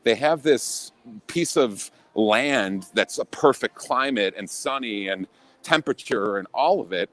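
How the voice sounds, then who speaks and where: A man's voice: mid-range voice, lively intonation, a little slow, fairly bright tone. Blunt guy from illinois, swears a lot, keeps restarting his sentences, casual chat. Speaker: podcast guest.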